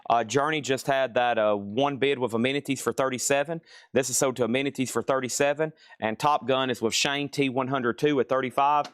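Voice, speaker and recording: A middle-aged man hosting a live record sale stream, listing items and calling bids in a brisk, casual patter from a record store. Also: medium pitch, fairly even intonation, smooth, dry recording, studio quality. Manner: brisk auctioneer-style listing, casual asides. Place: record store with crates and tables.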